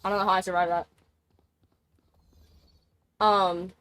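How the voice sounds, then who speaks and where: A woman's voice: mid-range voice, level tone, unhurried, fairly bright tone, no room sound. A young woman streaming a game, chatting casually, swearing, laughing and exclaiming as she plays.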